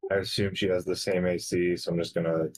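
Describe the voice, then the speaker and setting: Male player, deep voice, plain matter-of-fact delivery. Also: level tone, fast talker, darkish tone, a little hiss or hum. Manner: matter-of-fact, asks rules questions. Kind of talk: casual game chat.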